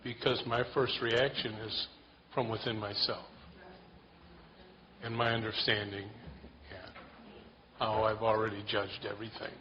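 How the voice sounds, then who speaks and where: A man telling a casual, self-deprecating story to a church group in a relaxed way. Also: on the low side, unhurried. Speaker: church member sharing a story. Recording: dull lo-fi sound with faint noise.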